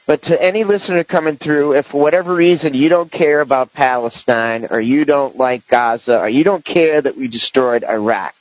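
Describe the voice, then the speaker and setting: A man's voice: medium pitch, normal speed, hardly any pauses, no echo, rough recording. A man hosting a podcast in casual political chat, rambling with many restarts and fillers. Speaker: podcast host.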